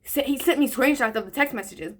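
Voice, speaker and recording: A teenage girl chats her way through a story time while doing her makeup. Her voice sits a little high, and she talks in an animated, slangy way. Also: a little fast. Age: teens. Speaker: vlogger. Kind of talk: casual story time during a makeup tutorial.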